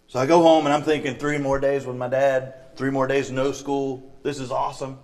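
A man's voice: medium pitch, level tone, moderate pace, darkish tone. A middle-aged man with a Southern US accent preaching a church sermon, telling stories from his childhood and acting out the people in them. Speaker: lay preacher. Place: church sanctuary.

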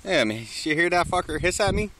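A man casually filming outdoors, talking excitedly to birds and swearing often. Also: sits high, brisk, background noise. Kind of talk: casual vlog narration.

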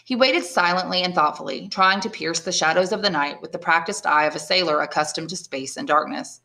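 Woman teacher reading aloud, bright voice, lowish pitch, measured narration. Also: creaky. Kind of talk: audiobook reading.

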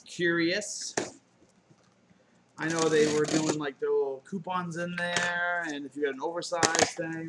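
A man's voice: a little high, steady tone, a little slow, heavy background noise. A man chatting casually while unboxing on camera, loose and joking with goofy profane asides, recorded on a laptop indoors. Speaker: unboxing vlogger.

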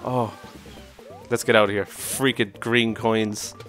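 A man giving casual commentary over his own gameplay, excitable, often exclaiming and laughing at his mishaps. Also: fairly low pitch, slow pace, faint music behind. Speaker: let's play commentator.

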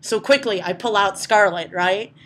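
A woman chatting casually to her vlog audience, swearing a lot as she tells animated stories. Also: medium pitch, moderate pace. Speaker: vlogger. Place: indoors at night.

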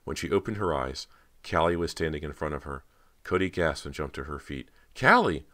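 A man narrating a horror audiobook in a measured, dramatic way. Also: rumbling low, a bit bright.

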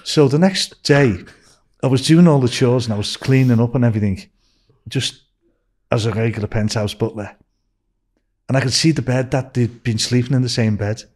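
A man's voice: mid-range voice, moderate pace, a little mellow. An older man with a Scouse accent from Liverpool, a guest telling rambling anecdotes and acting out what people said. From Liverpool, England. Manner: rambling anecdotes, acting out quoted dialogue, frequent "you know". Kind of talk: casual storytelling interview.

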